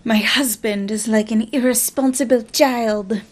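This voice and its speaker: A woman voicing a proud, troubled French queen reading from her journal, with a put-on French accent and a dramatic, measured delivery. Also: fairly high pitch, steady tone. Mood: regal, grave.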